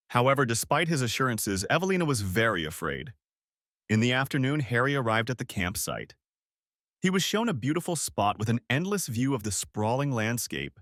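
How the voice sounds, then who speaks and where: A man narrating an audiobook story in a steady storytelling way. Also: mid-range voice, moderate pace, no echo, studio quality.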